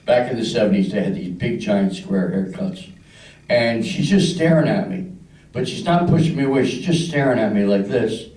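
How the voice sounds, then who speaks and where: A man's voice: fairly low pitch, moderate pace, a little mellow, recorded from a distance. Older male comedian from Philadelphia, roomy stage. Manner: crude storytelling with voices for characters. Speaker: stand-up comedian. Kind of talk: stand-up routine. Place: club stage.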